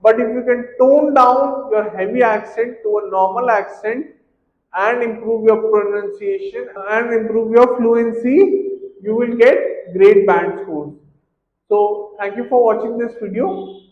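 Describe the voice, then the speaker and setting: A man's voice: very high voice, a little slow. A man teaching English exam skills who asks rhetorical questions and repeats his key points. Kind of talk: instructional talk to camera. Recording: dull, echoey room recording.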